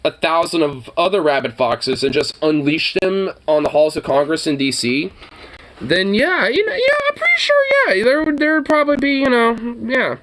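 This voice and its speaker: A man's voice: sits high, wildly swooping pitch, moderate pace, fairly bright tone, a little hiss or hum. A man ranting through casual reaction commentary, profane and rambling, laughing often. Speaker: streamer reacting to videos.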